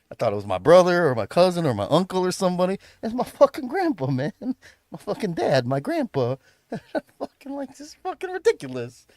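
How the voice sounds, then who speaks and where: A man's voice: a little high, dry recording. A young man from the Chicago area casually telling a story on a livestream, swearing a lot, laughing often and saying "bro" and "man". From Chicago area, USA.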